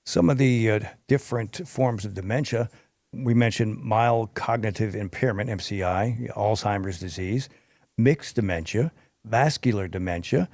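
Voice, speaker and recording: A man's voice: on the low side, a little mellow, dry recording, studio quality. A man hosting a podcast, reading health information from notes and adding informal asides, sometimes stumbling over hard terms. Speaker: podcast host.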